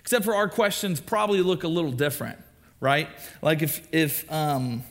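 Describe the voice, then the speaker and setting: Young male youth pastor, sermon delivery, slightly higher voice, animated, acts out quotes. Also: moderate pace. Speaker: student ministry pastor.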